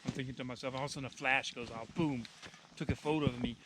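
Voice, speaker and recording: A man's voice: medium pitch, fairly even intonation, quick pace, background noise. Laid-back man recounting training. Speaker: vlogger. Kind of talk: casual chat. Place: snowy winter campsite outdoors.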